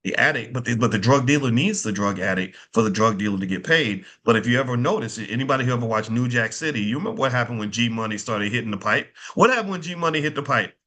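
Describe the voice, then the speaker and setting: A middle-aged man talks through money lessons in a loose, preacherly monologue. His voice is bright and forceful, and he drives his points home by repeating them. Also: mid-range voice, quick pace, hardly any pauses. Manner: animated, preacherly, repeats phrases for emphasis. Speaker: finance educator and show host. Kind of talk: casual monologue.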